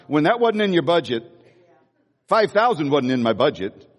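A male pastor with a high, bright voice preaches in a large sanctuary, his words trailing off into a long hall reverb. He tells stories with animated energy, laughs often and repeats key phrases for emphasis. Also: moderate pace. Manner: animated storytelling with frequent laughs and emphatic repetition. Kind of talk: sermon.

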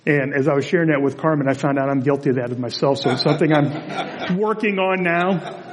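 A man's voice: on the high side, a little fast, crowd noise. Man preaching in a reverberant church. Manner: relaxed, chatty storytelling delivery. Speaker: pastor. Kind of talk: conversational sermon. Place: church sanctuary.

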